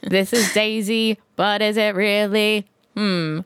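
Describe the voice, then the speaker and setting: A woman's voice: medium pitch, fairly even intonation, slow pace, fairly bright tone, smooth, no echo, studio quality. Playful upbeat woman co-host. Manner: playful, upbeat song introductions. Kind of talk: casual chat.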